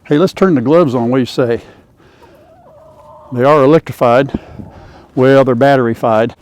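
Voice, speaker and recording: Folksy older man, mellow voice. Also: medium pitch, moderate pace, pauses often. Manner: folksy, chatty, talks to his chickens. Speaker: farm vlog host. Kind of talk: casual farm vlog chat. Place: outdoors at a chicken coop on a cold morning. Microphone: lapel mic.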